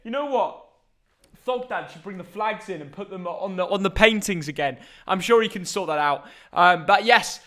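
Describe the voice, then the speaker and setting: A young English man, chatty and excitable, hosting a live football reaction stream and bantering with viewers at home. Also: high-pitched, quick pace. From England.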